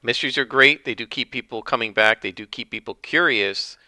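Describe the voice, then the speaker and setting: A man's voice: medium pitch, brisk, bright, forceful tone, dry recording. A man hosting a casual solo podcast, rambling and opinionated as he comments on a list. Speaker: podcast host.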